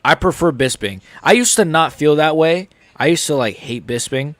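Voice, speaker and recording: A man's voice: a little high, expressive, moderate pace, a bit bright, no echo. A young American man hosting a live stream, reacting to fights in a rambling, casual, jokey way.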